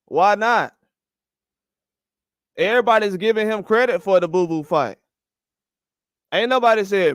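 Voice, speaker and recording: A man's voice: sits high, lively intonation, normal speed, pauses often, clear, resonant tone, no echo, studio quality. A man ranting about boxing with heated, profane speech and repeated rhetorical questions. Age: older. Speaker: boxing commentary host. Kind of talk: heated opinion rant.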